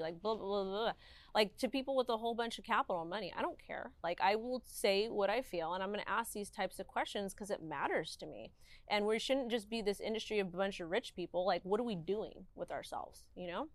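Woman guest, 30s, mid pitch, dry close sound, candid and emphatic, peppered with "like". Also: quick pace, dry recording. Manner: emphatic, animated, heavy use of "like". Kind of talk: candid conversational interview.

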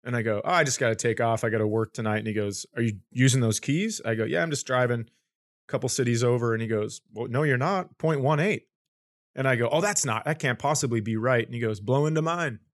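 A comedian guest on a podcast, a man with a mid-range voice, talks fast as he tells a long comic story. He animates the anecdote by acting out the quoted lines in different voices and laughing along the way.

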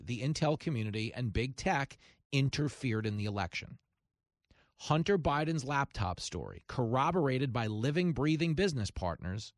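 A man's voice: mid-range voice, no echo, studio quality. A man hosting a radio talk show, delivering a heated, sarcastic opinion monologue. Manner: heated, sarcastic, mocking voices of opponents.

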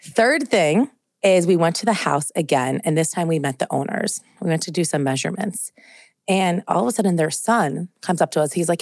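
A young woman co-hosting a podcast tells a long story in casual conversation, animated and saying "like" constantly. Her voice sits low and moves briskly, with clean studio sound and no echo.

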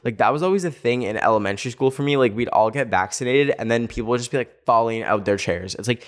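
A man hosting a podcast, telling a story in a casual, animated way with sassy asides. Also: mid-range voice, quick pace, few pauses. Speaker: podcast host. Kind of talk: casual chat.

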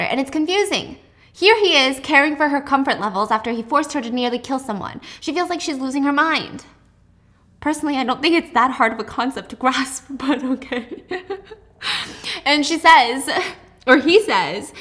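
A young woman hosting a casual book recap, telling the plot in a lively, chatty, sarcastic way. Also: sits high, moderate pace. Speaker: host.

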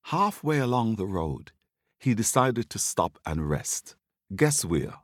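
Animated man telling a folktale. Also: fairly low pitch, slow, dry recording, studio quality. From Antigua. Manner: animated, playful, acts out the action with his voice. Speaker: storyteller. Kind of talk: told folktale for children.

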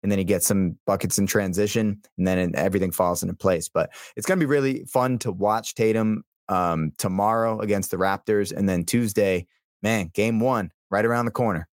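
A man's voice: lowish voice, moderate pace, no room sound, clean studio sound. A man co-hosting a casual sports podcast, telling stories in an easygoing way and stumbling over his words. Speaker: podcast co-host.

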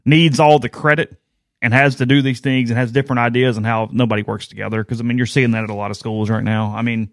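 A man's voice: mid-range voice, flat delivery, no room sound. Blunt, matter-of-fact man, dry close mic. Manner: quick, blunt remarks and short agreeing asides. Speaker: podcast co-host. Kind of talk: casual sports talk.

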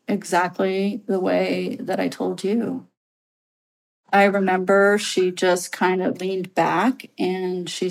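A woman's voice: fairly low pitch, darkish tone, low-quality recording. A woman in her late thirties telling a personal story as a podcast guest, earnest and rambling, with many fillers and restarts.

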